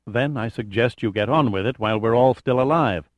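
A man's voice: medium pitch, brisk, no echo, muffled recording, close to an everyday voice. A man voicing a stiff, impatient male cruise ship captain under strain.

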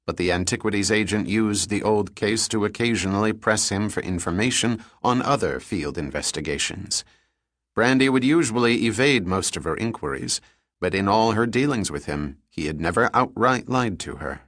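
A man giving measured, scripted narration of a novel. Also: lowish voice, animated, fairly bright tone, no room sound, clean studio sound. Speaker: audiobook narrator.

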